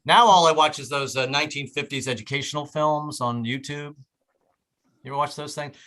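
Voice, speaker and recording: A man doing a stand-up comedy set on a club stage, stammering through restarts and hitting his punchlines loudly. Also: on the high side, fairly quick. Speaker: stand-up comic.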